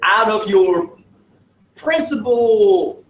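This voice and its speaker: A man's voice: high voice, animated, drawn-out words, slight background noise. A man from the United States teaching a class, lecturing in a chatty, jokey, digressive way. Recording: roomy classroom audio from a distant mic.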